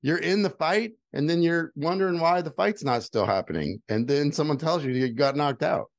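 A man's voice: a little high, moderate pace, creaky, no echo, studio quality. A middle-aged man telling a personal story as a guest, candid and earnest. He repeats phrases for emphasis and builds to emphatic advice. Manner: builds to emphatic, rising delivery when giving advice. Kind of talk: personal storytelling, motivational talk.

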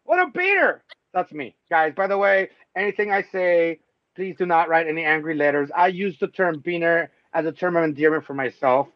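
A man hosting a casual sports podcast, talking loosely and excitably, swearing freely and laughing often. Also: a little high, a little fast, no room sound. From Mexico. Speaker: podcast host. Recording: dull lo-fi sound, dry.

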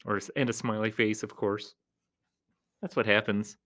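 A man who works as a clown entertainer, chatting casually and playfully in a rambling vlog, often jumping into high silly tones. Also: level tone, moderate pace, fairly bright tone.

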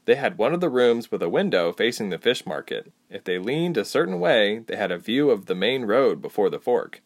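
Deep-voiced woman reading a story. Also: moderate pace, dry recording. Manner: expressive, animated reading. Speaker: narrator. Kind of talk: storybook narration.

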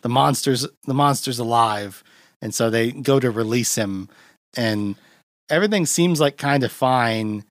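A man's voice: mid-range voice, measured pace, no room sound, studio quality. A man hosting a podcast, recapping a film in loose, rambling casual chat and acting out quotes in a raised voice. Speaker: podcast host.

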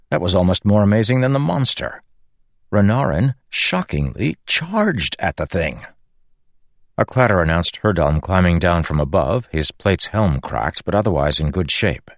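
A man with a low, deep voice reads an action scene in a measured, dramatic audiobook style. The recording is dry and close to the mic, with no room sound. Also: dry recording. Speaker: narrator. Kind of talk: audiobook narration of fantasy fiction.

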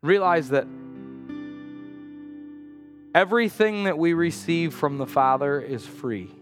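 High-voiced animated male pastor preaching. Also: slow pace, big-room sound, faint music behind. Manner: animated storytelling, acts out quotes with sudden high outbursts. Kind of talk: sermon. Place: church sanctuary.

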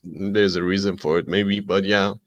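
A man's voice: sits low, fairly even intonation, moderate pace, muffled recording. A man talking casually as a guest on a streamer podcast, laid-back and loose, often saying "bro". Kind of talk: casual chat.

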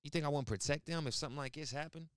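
A man's voice: on the high side, rapid-fire, clear, resonant tone, no echo, clean studio sound. A man giving casual reaction commentary as a podcast host, blunt and profane, talking animatedly with lots of asides.

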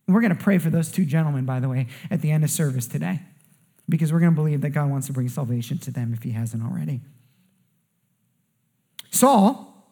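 A man, a pastor, preaching a sermon and telling stories to his church, often checking in with "okay?" and "right?". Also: a little high. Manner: storytelling with rising excitement and frequent "okay?" asides. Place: church service.

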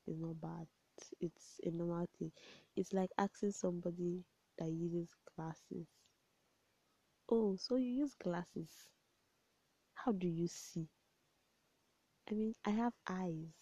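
Chatty young woman with a gravelly voice. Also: fairly low pitch, no room sound. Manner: chatty, rambling, laughs often, drops to soft asides. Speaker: vlogger. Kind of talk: casual storytelling to camera. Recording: dull, lo-fi home recording.

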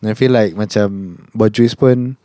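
A young man with a Malaysian English accent, co-hosting a podcast in relaxed, rambling casual chat that slips into Malay words. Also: fairly low pitch, normal speed, no echo. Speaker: podcast co-host.

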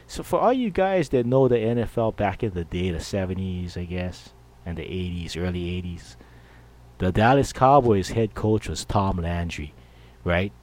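A man's voice: deep voice, expressive, normal speed, a little mellow. A middle-aged man hosting a podcast, rambling and jokey in a casual monologue. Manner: rambling, jokey, full of fillers. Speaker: podcast host.

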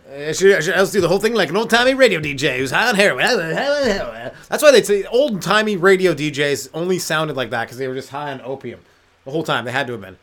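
A man's voice: on the high side, lively intonation, a little fast, a bit bright. A man hosting his own comedy podcast, rambling through riffs and slipping into silly voices. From Canada. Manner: riffing, slips into silly put-on voices and sung bits. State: high on weed. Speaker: stand-up comedian and podcast host. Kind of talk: rambling solo comedy rant.

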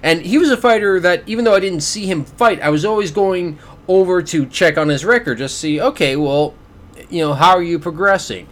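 A man's voice: high voice, a little fast, a bit bright. A Canadian man hosting a podcast, reviewing fights in a sarcastic, exasperated way and often stammering over repeated words. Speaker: podcast host. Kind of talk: casual boxing review.

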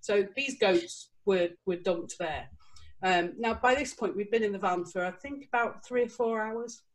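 A woman's voice: medium pitch, moderate pace. Lady guest, chatty storyteller, laughs a lot, does little voices. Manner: lively, laughing anecdotes with quoted voices. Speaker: guest author. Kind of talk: casual storytelling.

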